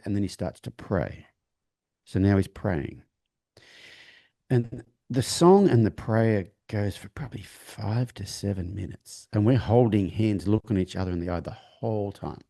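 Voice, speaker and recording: Gravelly, dark-toned man telling a story. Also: on the low side. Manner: halting, with many restarts, acting out quoted dialogue. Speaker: horse trainer, interview guest. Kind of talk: storytelling in a conversation.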